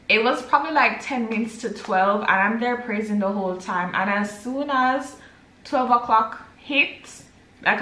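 Bright-voiced Jamaican woman vlogging at home. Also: fairly high pitch. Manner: chatty, switching between patois and English. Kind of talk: casual vlog chat. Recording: roomy echo.

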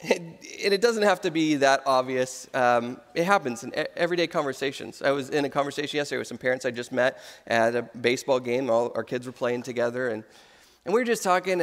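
A man's voice: medium pitch, in a large hall. A man in his thirties preaching a sermon as pastor of a church, telling stories and acting out the voices in them. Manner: animated storytelling, acts out quoted voices. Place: church auditorium.

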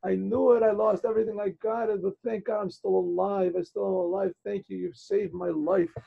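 A man's voice: sits high, level tone, a little fast, vocal fry, slightly rough, highs cut off, exaggerated voice. A man voicing a desperate rich man, shipwrecked and freezing, who pleads for help. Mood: distraught.

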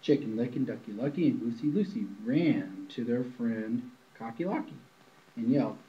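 A man's voice: medium pitch, lively intonation, moderate pace, lo-fi sound. A man reading a children's picture book aloud in a playful, storytelling manner.

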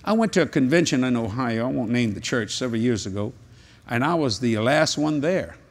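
Older man, husky voice, lively swooping pitch, jokey sermon storytelling. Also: brisk. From New Orleans, Louisiana. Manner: animated, jokey storytelling with sudden high-pitched exclamations. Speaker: evangelist. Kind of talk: humorous sermon. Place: large convention hall.

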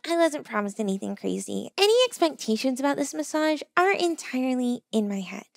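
A young adult woman, a vtuber storyteller, tells a funny personal story in a casual, animated, self-deprecating way, acting out what people said. Her voice sits high and is brisk and gravelly, captured in a dry, studio-quality recording.

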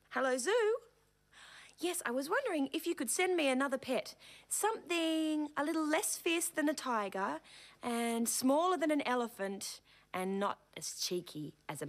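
A woman presenting a children's TV show, talking to young children in a playful, expressive way. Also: high voice. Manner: bright, animated and expressive.

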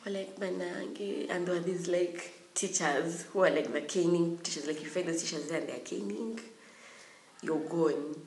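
Lively young woman telling a story. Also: on the low side, moderate pace, a little hiss or hum. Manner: lively storytelling, giggles often. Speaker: vlogger. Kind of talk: storytime vlog. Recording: roomy room echo.

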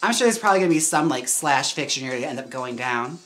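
A woman's voice: a bass voice, expressive, quick pace, a bit bright. A woman hosting a casual livestream while styling a wig. She is chatty and giggly and says "like" a lot. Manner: chatty, giggly, heavy use of "like".

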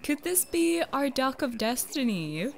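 Slow-talking young woman commenting on a game. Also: sits high, creaky. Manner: expressive, dramatic reactions; chatty, talks to viewers. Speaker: gaming YouTuber. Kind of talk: casual gameplay commentary.

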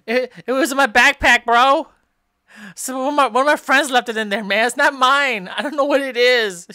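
A woman's voice: high voice, moderate pace, pushed and bright, dry recording, clean studio sound. A woman giving comedic improvised gameplay commentary, playing exasperated and tacking "man" and "bro" onto her lines.

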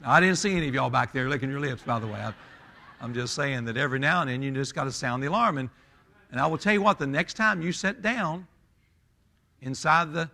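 A man over fifty, preaching a sermon in an emphatic, folksy way that swells loud. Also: medium pitch, brisk, creaky. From Southern US. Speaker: pastor.

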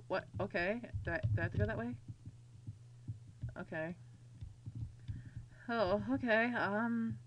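A woman's voice: on the high side, fairly bright tone, slight background noise. A woman playing a horror game on a desk mic, jumpy and easily scared, swearing a lot as she comments. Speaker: let's player.

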